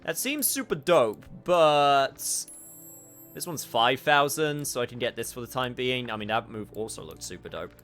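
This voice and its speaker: A man casually commenting on his game as he streams it, rambling and chatty with sudden excited outbursts. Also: medium pitch, moderate pace. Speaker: gamer streaming a playthrough. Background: game music.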